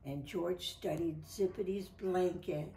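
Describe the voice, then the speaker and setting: A woman reading a children's picture book aloud in an animated, sing-song storytelling voice, with voiced exclamations and howls. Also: fairly low pitch, slow, reverberant, slight background noise.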